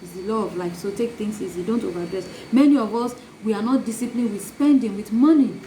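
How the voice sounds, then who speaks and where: A woman's voice: mid-range voice, a little fast. A woman giving a motivational talk, acting out little scenes of gossip as she teaches. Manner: animated, acts out gossip in asides. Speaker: life coach. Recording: echoey room, faint noise.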